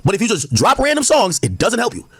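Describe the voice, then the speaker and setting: A man's voice: sits high, wildly swooping pitch, fast talker, a bit bright, slightly rough, no echo. A man in a heated live-stream debate, explaining insistently and talking over others.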